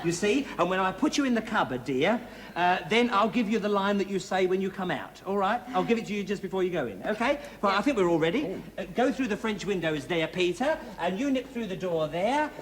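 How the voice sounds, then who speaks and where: A man's voice: high-pitched, animated, brisk. A man hosting a game show in a jokey, chatty way, coaxing the contestants along. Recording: noisy TV studio recording.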